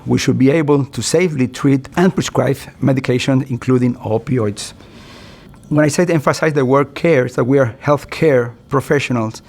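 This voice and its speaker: A man's voice: mid-range voice, gravelly, a little mellow. A middle-aged man, a physician, giving a recorded continuing-education lecture in an earnest, conversational way. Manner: earnest, conversational, acts out doctor-patient exchanges.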